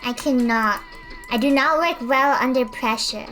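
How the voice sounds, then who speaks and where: High-voiced chatty woman streamer. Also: measured pace, bright, forceful tone, faint music behind. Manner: chatty, self-deprecating, rambling storyteller. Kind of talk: casual stream chat while painting.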